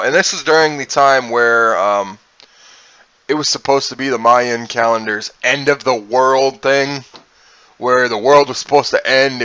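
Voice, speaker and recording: A young man in his twenties spins a crude, profane tale for his stream, casual and animated. His voice sits at a middle pitch. The recording is dry and close, with no room echo. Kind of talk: casual storytelling.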